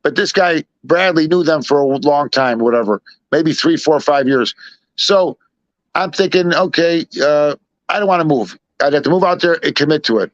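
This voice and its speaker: A man's voice: on the high side, normal speed, no room sound. A man from Chicago telling a long, rambling anecdote in casual conversation, full of asides and retold dialogue. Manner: rambling, animated retelling with many asides. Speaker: storyteller guest. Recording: dull lo-fi dry recording.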